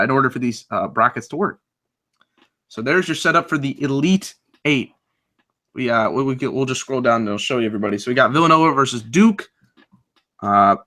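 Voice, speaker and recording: A man's voice: medium pitch, bright, forceful tone. A young man co-hosting a casual sports chat over a video call, upbeat as he talks through his picks. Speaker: co-host making bracket picks.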